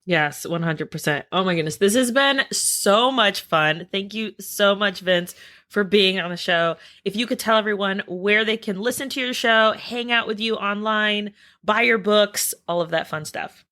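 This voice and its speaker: A woman's voice: medium pitch, normal speed, sharp tone. A woman hosting a podcast, closing an interview and reading the outro with short encouraging affirmations. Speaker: podcast host. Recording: faint music behind voice.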